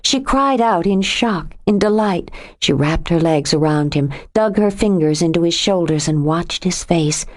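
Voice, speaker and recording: Woman narrator with a lowish voice. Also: lively intonation, a little slow, hardly any pauses. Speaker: audiobook narrator. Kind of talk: scripted narration.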